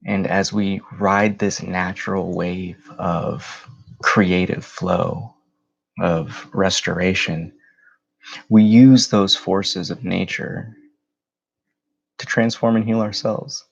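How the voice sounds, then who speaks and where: Gravelly low-voiced man guiding meditation. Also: fairly even intonation, lo-fi sound. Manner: slow, soothing, drawn-out phrasing. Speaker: meditation guide. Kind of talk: guided meditation. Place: home.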